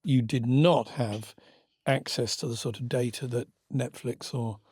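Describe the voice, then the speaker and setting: A middle-aged man co-hosting a podcast, a former TV commissioner telling anecdotes in a relaxed, reflective casual chat. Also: mid-range voice, measured pace, crowd noise.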